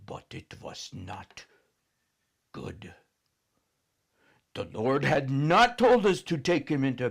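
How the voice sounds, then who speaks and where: A man voicing a fervent, theatrical old grandmother telling a story, swinging from cheers to hushed whispers. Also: fairly high pitch, creaky, voice pushed up, heavily acted. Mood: grave. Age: older.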